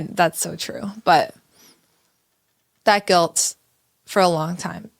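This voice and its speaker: A woman in her thirties co-hosting a podcast, telling a candid story in an animated way. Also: fairly low pitch, slow, creaky, no room sound, clean studio sound. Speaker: podcast co-host. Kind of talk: casual conversational podcast.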